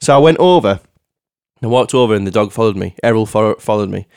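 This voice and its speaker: A man's voice: lowish voice, quick pace, vocal fry, clear, resonant tone, dry recording, studio quality. A man from England, a podcast co-host in a casual chat, telling stories and acting out the people in them. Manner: animated storyteller, acts out the people in his tales.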